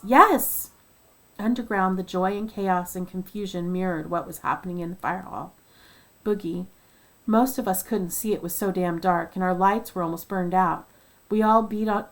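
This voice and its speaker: A woman reading a nonfiction book aloud at first sight, voicing first-person accounts and lifting her voice for quoted shouts. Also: medium pitch, low-quality recording. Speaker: audiobook reader.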